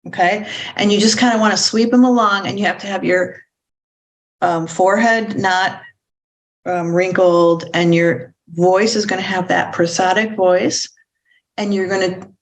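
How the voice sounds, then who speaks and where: A woman with a somewhat low voice delivers a relaxed, unscripted parenting lesson. She speaks in halting phrases, often circling back and restarting her sentences. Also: low-quality recording. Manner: halting, many restarts, acts out children's and parents' lines. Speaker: parenting educator. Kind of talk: informal spoken lecture.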